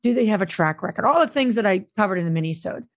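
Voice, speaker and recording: A woman's voice: medium pitch, lively intonation, rapid-fire, no echo, studio quality. A middle-aged woman and podcast co-host, candidly telling a story in a casual conversation. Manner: candid, storytelling, emotional at times. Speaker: co-host, real estate investor.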